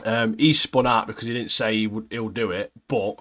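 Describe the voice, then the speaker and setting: A man's voice: lowish voice, fairly even intonation, moderate pace, fairly bright tone. Rambling man recapping anime. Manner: rambling, many fillers, laughs at own retelling. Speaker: podcast co-host. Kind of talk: casual anime recap chat.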